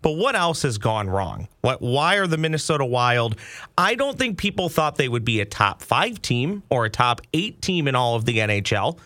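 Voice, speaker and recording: A man hosts a sports podcast, chatty and joking. His voice is bright and forward. The sound is dry and close to a studio mic. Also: medium pitch, very animated, moderate pace, no room sound. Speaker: podcast host. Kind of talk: casual sports podcast chat.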